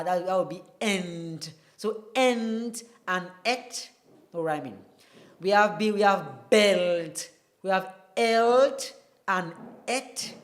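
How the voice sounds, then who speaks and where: A woman teaching an English lesson on television, explaining slowly and spelling words out letter by letter. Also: mid-range voice. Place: TV studio.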